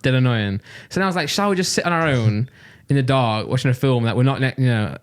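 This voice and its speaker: A man's voice: mid-range voice, fast talker. A young man with a Nottingham accent, telling a rambling story on a casual podcast and laughing his way through it. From Nottingham, England. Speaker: podcast co-host.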